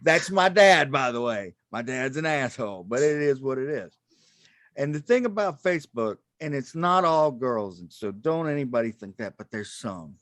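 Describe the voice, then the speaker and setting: A man's voice: medium pitch, expressive, moderate pace, fairly bright tone, no echo, studio quality. A man doing a rambling, self-mocking stand-up comedy set over a video call, laughing at his own jokes.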